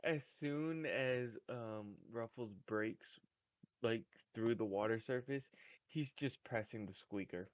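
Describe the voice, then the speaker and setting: A man playing a tabletop role-playing game, talking haltingly with many restarts. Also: mid-range voice, dry recording, muffled recording. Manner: halting, full of restarts and fillers. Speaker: player. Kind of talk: tabletop role-play banter.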